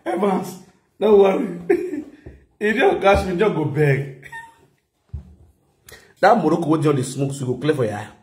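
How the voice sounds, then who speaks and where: Nigerian man hosting a live chat, slightly high, rambling, echoey room. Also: moderate pace, long pauses. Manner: laughing, rambling, animated. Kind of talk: casual live-stream chat.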